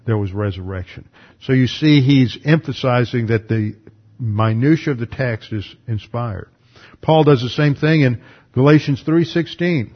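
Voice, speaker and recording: Male Bible teacher, methodical, reads verses then explains, mid-pitched, dull lo-fi recording. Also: husky. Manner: methodical, reads scripture aloud between explanations. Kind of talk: numbered Bible lesson.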